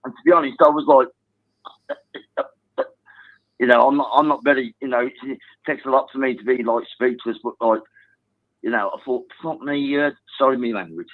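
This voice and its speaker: A man calling a football phone-in, telling a story excitedly and swearing now and then. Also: mid-range voice, quick pace, no room sound. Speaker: caller. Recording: tinny phone line.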